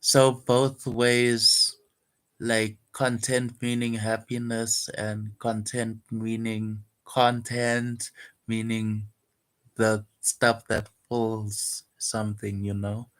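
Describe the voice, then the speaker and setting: A man's voice: fairly low pitch, level tone, extremely slow. A man talking casually and hesitantly about his own poem, full of fillers and restarts. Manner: soft-spoken, wistful, guarded. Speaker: poet vlogger. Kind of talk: casual reflective monologue.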